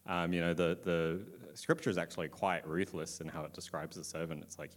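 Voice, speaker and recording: Low-voiced guy doing a chill bible talk for a group, lots of ums, just paraphrasing as he goes. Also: normal speed, few pauses. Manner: casual, many filler ums, loosely paraphrasing. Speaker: church speaker. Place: indoor room with listeners.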